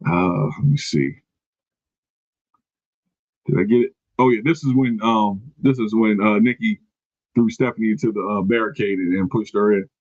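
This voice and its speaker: A man's voice: lowish voice, moderate pace, long pauses, a little mellow, no room sound. Guy recapping stuff on a podcast, keeps backtracking and fixing himself, dry kinda muffled mic. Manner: rambling, self-correcting, reading from notes. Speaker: podcast host. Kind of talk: casual wrestling recap chat.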